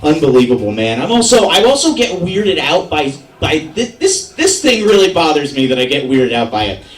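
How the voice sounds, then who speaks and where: A man's voice: on the high side, very animated, normal speed. A young man performing a stand-up set, rambling in an agitated, self-mocking way. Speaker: stand-up comedian. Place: veterans hall at an open mic night. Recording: roomy hall recording from a distance with audience.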